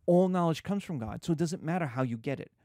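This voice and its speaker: A man's voice: a little high, animated, fast, warm tone, no echo, studio quality. A man voicing a medieval saint who insistently corrects a misunderstanding.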